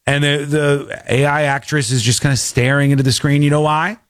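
A man's voice: mid-range voice, little pitch movement, a little fast, no room sound, clean studio sound. A man hosting a commentary show, reacting sarcastically and mockingly to a news clip. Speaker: host.

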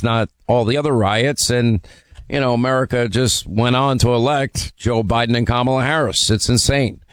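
Brief: male radio host, mid-pitched voice, dry studio sound, forceful and opinionated. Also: clear, resonant tone, no room sound. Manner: emphatic, opinionated, with frequent uh fillers. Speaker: radio talk show host. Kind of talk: call-in radio talk.

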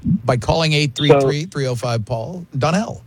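A man's voice: a little high, moderate pace, no echo. A man hosting a morning radio show, joking and bantering with his cohosts. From Italian American. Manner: joking, animated, interrupts. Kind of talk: casual banter.

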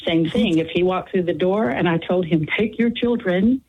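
A woman's voice: on the low side, a little fast, husky. An older woman calling in to a radio show, telling her story earnestly. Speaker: caller. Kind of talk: phone-in call. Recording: tinny phone line.

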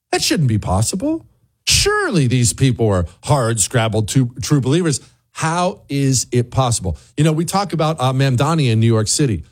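A man's voice: mid-range voice, darkish tone. A man hosting a talk show, delivering a sarcastic, ranting commentary monologue that drifts into asides. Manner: wanders off on asides.

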